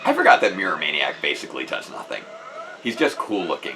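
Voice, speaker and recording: A man's voice: extremely low pitch, wildly swooping pitch, fast, music in the background, poor audio. A man hosting a casual live stream, chatting with enthusiasm and often restarting his sentences. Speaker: host.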